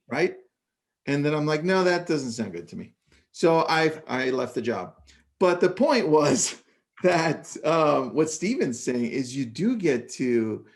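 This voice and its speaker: A man co-hosting a casual real estate panel chat, telling stories in a lively, animated way with quick asides. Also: mid-range voice, vocal fry. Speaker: podcast co-host.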